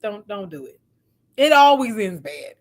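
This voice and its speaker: A woman's voice: medium pitch, measured pace. A woman hosting a relationship advice talk, telling stories casually and acting out what people said, often laughing. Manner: animated, acts out quoted voices, laughs often. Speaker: host giving relationship advice.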